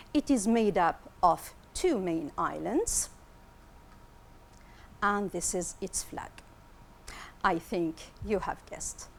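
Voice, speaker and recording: A woman teaching an English lesson on television, explaining slowly and clearly and repeating words for pronunciation. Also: on the high side, slight background noise. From Tunisia.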